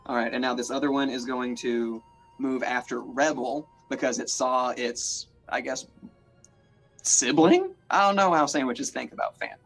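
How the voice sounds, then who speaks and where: A man's voice: medium pitch, moderate pace, fairly bright tone, faint music behind, poor audio. A man narrating as game master, playful and rambling, with lots of "like".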